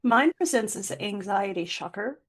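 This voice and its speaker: A woman co-hosting a podcast in casual chat, speaking calmly and frankly. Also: mid-range voice, normal speed. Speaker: podcast co-host.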